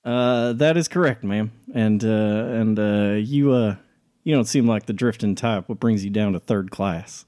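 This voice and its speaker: A man's voice: on the low side, a little slow, dark tone. A man playing a tabletop game, talking in character as a folksy, joking outlaw. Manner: folksy drawling outlaw talk, jokey. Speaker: player.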